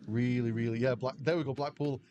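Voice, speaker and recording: A man's voice: mid-range voice, fairly even intonation, fairly quick, muffled recording, noisy background. An English man livestreaming slots, chatting casually and rambling as he answers viewers' questions aloud. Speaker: slot livestreamer. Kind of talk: casual chat with stream viewers.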